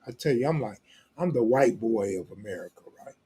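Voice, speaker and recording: A man's voice: mid-range voice, expressive, fairly quick, warm tone, husky. A man hosting a live stream, reading viewer comments in blunt, profane, joking street talk. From Los Angeles, California. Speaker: host.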